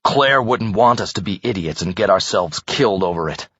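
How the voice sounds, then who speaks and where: Stern commanding young man, read low by a male narrator, husky and dry. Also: lively intonation, normal speed, a bit bright, dry recording, highs cut off, exaggerated voice. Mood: grim. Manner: firm, barking orders like a drill sergeant.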